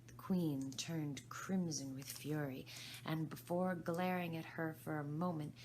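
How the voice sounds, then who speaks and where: A woman volunteer reading a storybook aloud in a gentle, unhurried way, sometimes dropping to soft whispers. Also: low voice, fairly even intonation, a little hiss or hum. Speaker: volunteer reader. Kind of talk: storybook narration.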